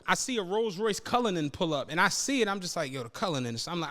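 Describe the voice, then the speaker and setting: A man's voice: sits high, big pitch swings, fast, sharp tone. A young adult man hosting a podcast, telling a travel story in casual chat, acting out his friends' lines and swearing freely. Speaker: podcast host.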